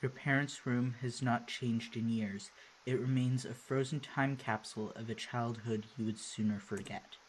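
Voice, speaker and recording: A man's voice: mid-range voice, steady tone, normal speed, slight background noise. A young man playing a video game with a friend, reading the on-screen text aloud with a wry, playful manner. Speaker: let's play host.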